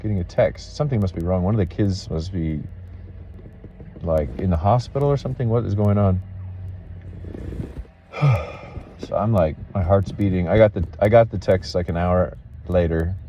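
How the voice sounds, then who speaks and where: A man telling an emotional personal story in a halting, earnest way, full of restarts and fillers. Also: low voice, warm tone, muffled recording, a little hiss or hum.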